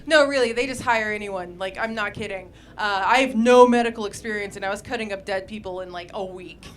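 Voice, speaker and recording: Crude deadpan stand-up woman. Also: medium pitch, a little fast, a little hiss or hum. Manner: crude, deadpan storytelling with frequent swearing. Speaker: stand-up comedian. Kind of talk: stand-up comedy set. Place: comedy club stage with audience laughter.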